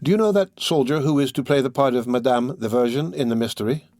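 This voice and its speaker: A man's voice: mid-range voice, quick pace, a little mellow, no echo, studio quality, close to an everyday voice. A man voicing a bold, eager young woman in a storybook reading. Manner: eager, pert.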